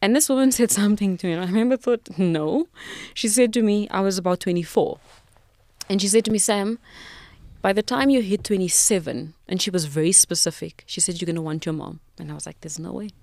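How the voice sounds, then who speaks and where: A woman's voice: medium pitch, brisk, gravelly, a little mellow, no echo. A South African woman in her thirties, a podcast guest, tells a personal story with emotion, reflection and frequent restarts.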